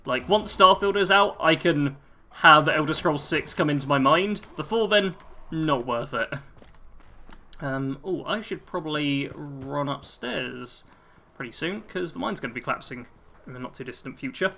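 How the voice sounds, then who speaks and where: Bright-voiced British man streaming a game. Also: a little high, expressive, moderate pace, creaky. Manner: chatty, self-deprecating, reads viewer comments aloud. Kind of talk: live-stream chat while playing.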